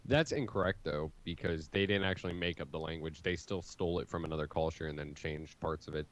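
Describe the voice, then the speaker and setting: A man's voice: extremely low pitch, fairly quick, low-quality recording. An American man in casual podcast chat, rambling as he explains things at length.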